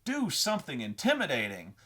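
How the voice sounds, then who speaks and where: Brash, bright-voiced man ranting about role-playing. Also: a little high, wildly swooping pitch, husky. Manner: rambling and profane, acting out quick character voices. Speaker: host of a tabletop gaming advice show. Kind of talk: casual monologue on tabletop role-playing.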